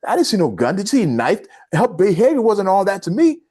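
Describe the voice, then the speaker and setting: A man's voice: high-pitched, huge pitch swings, fast talker, mellow, husky. A man hosting a commentary show, speaking with indignation and addressing his listeners as family. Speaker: host of a news commentary channel. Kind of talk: impassioned commentary addressing viewers.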